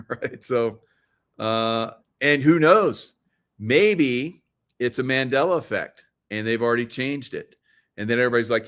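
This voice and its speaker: With a medium pitch and a fairly bright tone, this middle-aged show host runs a relaxed livestream monologue. He keeps a conspiratorial air, addresses his audience directly with questions, and chuckles at his own joking asides.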